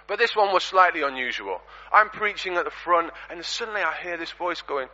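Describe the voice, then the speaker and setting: A man preaching a storytelling sermon in a church, animated and conversational, full of rhetorical questions. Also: on the high side, a little fast, few pauses. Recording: dull lo-fi recording.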